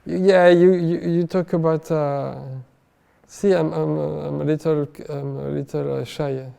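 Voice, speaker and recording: A man with a French accent answering interview questions haltingly, full of fillers and restarts, in a reverberant hall. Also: fairly high pitch, little pitch movement, gravelly, warm tone, clear, resonant tone. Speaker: film director, guest.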